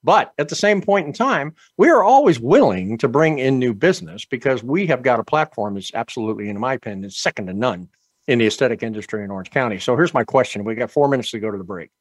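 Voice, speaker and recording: Guy hosting business talk radio, pushy fast patter, dry close sound. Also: medium pitch, lively intonation, dry recording. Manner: brisk, pushy salesman patter. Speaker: radio show host.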